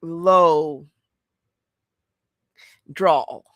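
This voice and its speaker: A woman chatting casually as a podcast co-host, giggly and animated as she tells a story. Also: low-pitched, extremely slow, no echo, muffled recording. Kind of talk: casual chat.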